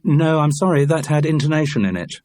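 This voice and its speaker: A man voicing a firm, brisk female studio producer who corrects an actor's reading. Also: a little high, animated, darkish tone, no echo, pitched above the performer's own voice, lightly acted.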